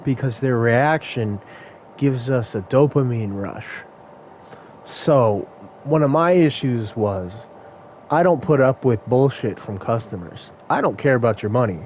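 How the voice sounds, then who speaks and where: A young man telling brash, animated stories about run-ins with customers at his fast food job. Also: mid-range voice, slight background noise. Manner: brash, animated retelling of confrontations. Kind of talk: casual storytelling vlog.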